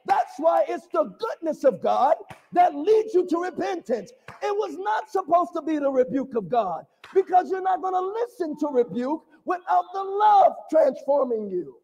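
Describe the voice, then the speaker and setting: High-voiced impassioned male preacher. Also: sing-song, normal speed, darkish tone, raised voice. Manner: impassioned, call-and-response with the congregation. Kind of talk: sermon. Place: church sanctuary. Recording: long reverb of a large hall.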